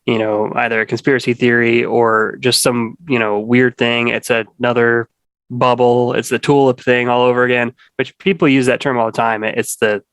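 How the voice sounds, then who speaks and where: A man's voice: mid-range voice, level tone, moderate pace, a bit bright, clean tone. A man chatting as a podcast guest in an easygoing, rambling way, stopping and restarting his thoughts often. His voice sits in an ordinary middle range. The sound is close and dry, with no room echo. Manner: rambling, many restarts and fillers. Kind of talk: casual conversation.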